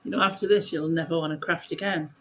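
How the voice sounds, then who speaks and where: A woman's voice: low voice, steady tone, quick pace, rough recording. A woman, chatting casually and giggling at herself while crafting on her vlog. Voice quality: giggly, self-deprecating, chatty. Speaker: vlogger host.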